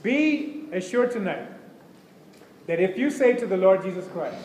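Fervent high-voiced male preacher in an echoey hall. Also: animated, a little slow, pauses often, darkish tone, a little hiss or hum. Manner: fervent, acts out prayers and voices. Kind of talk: sermon. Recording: echoey hall with faint ambience.

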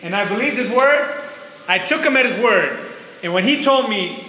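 Bright high-voiced preacher in a hall. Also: male voice, lively intonation, moderate pace. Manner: emphatic, repeats key phrases, asks the audience "Amen?". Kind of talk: sermon. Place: large hall with an audience. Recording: roomy hall, dull lo-fi, faint hiss.

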